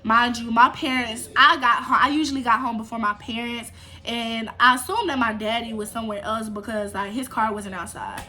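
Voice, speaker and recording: Woman, casual storytime, animated, profane, sound effects, high pitch. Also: normal speed, a little hiss or hum. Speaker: storyteller vlogger.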